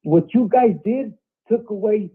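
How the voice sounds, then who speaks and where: Male caller, husky higher voice, rambling storyteller, phone-like sound. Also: a little slow. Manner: storytelling, repeats "I said". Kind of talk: casual phone call. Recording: phone line.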